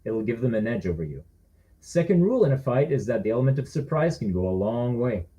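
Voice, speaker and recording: A man's voice: mid-range voice, very animated, fast talker, dark tone, low-quality recording. A man, the author, reading his own thriller aloud in a wry, conversational first-person narration.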